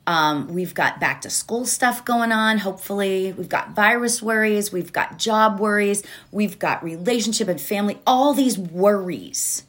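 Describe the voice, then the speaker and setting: Slow, gentle woman reflecting aloud. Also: medium pitch. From United States. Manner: gentle, repeats key phrases, asks rhetorical questions. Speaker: mindfulness speaker. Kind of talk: reflective motivational talk. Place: at home.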